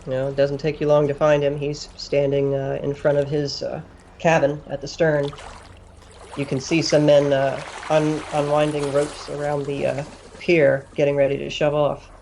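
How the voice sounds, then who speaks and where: A man narrating as game master of a tabletop role-play, describing scenes in a relaxed way with fillers and chuckles. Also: a little high, normal speed, gravelly, a little hiss or hum.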